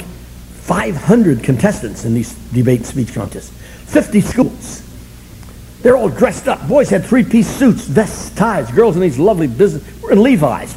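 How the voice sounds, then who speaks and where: Animated older man telling stories. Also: gravelly, a little hiss or hum, rough recording. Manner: animated, self-mocking, emphatic, swings from loud bursts to low asides. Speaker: speaker sharing his story at a recovery meeting. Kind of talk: humorous storytelling talk.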